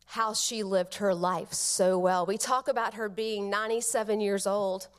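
A middle-aged woman giving a funeral eulogy, telling family stories tenderly with soft pauses. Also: a little high, clean tone. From Georgia, United States.

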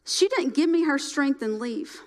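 A middle-aged woman delivers a sermon in a high voice. She repeats lines for emphasis and swings between loud, emphatic phrases and hushed, near-quiet ones. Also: animated, measured pace. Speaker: preacher.

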